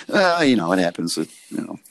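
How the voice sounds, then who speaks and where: A man's voice: low voice, gravelly, fairly bright tone. Casual co-host: young American man, rambling and profane, laughs through his anecdotes. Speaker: podcast co-host. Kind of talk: casual storytelling chat.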